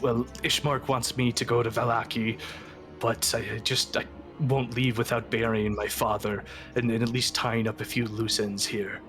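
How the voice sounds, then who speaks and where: A man's voice: medium pitch, little pitch movement, music in the background, lightly acted. A man playing a stammering, grieving village woman. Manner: stammering, halting. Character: wary young village woman, grieving, tough.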